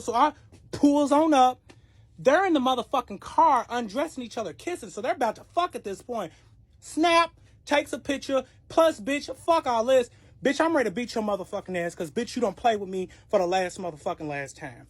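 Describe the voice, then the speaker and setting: A creator telling a wild personal story in a casual storytime monologue, animated and profane, acting out every quote. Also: mid-range voice, moderate pace, breathy edge, no room sound.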